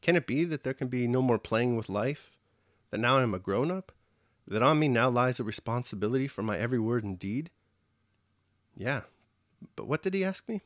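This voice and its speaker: A man's voice: medium pitch, lively intonation, normal speed, long pauses, no echo, clean studio sound, lightly acted. A man voicing an eager, emotional young noblewoman in an audiobook reading, with breathless, pleading questions.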